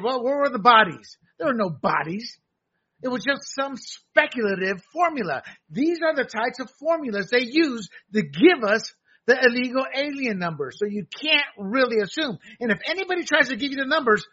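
Combative high-voiced man ranting. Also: lively intonation, normal speed, pushed and bright, husky, lo-fi sound. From United States. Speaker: political commentary host. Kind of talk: opinionated political monologue.

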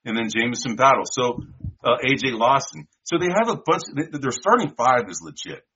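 A man's voice: medium pitch, big pitch swings, a little fast, bright, forceful tone, slightly rough. A man co-hosting a casual podcast, rambling through draft picks in a loose style and calling his partner dude and bro. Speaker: podcast co-host. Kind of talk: casual draft-pick chat. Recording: dull lo-fi sound.

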